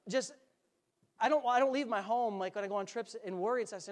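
A man's voice: high voice, quick pace. A man preaching a sermon as a pastor in a church, talking casually and joking with the congregation. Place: church sanctuary.

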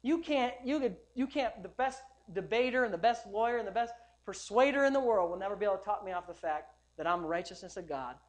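A male pastor preaching a sermon at a church service, emphatic and repetitive, building up to loud declarations. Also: sits high, lively intonation, quick pace, few pauses.

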